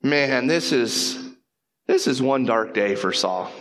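A pastor preaching a sermon, telling a story in an animated way and slipping into quick voices. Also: male voice, medium pitch.

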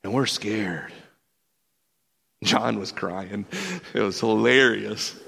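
A man playing the apostle Peter as an excitable, laid-back fisherman, telling his stories in slangy first person with lots of stammered restarts. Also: on the low side, slow, vocal fry, husky, heavily acted. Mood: excited storytelling. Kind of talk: first-person character monologue.

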